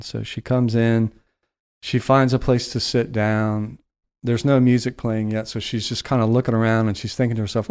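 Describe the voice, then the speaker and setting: A man telling a heartfelt story on a podcast, slowing and softening his voice at its emotional points. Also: medium pitch, level tone, smooth. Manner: slows down and softens for emotional moments.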